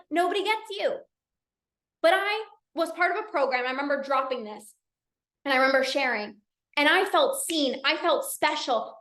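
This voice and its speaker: A woman coach talking casually in a live session, energetic and chatty with many restarts. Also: very high voice, reverberant. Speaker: binge eating coach hosting a live session. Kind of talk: casual live-stream talk.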